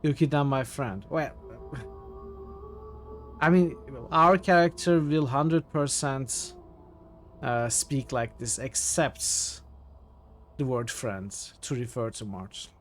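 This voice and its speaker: A man's voice: mid-range voice, slow pace, long pauses. Male game streamer, chatty and casual, reads game text aloud and greets chat, with faint game music underneath. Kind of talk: casual game livestream commentary.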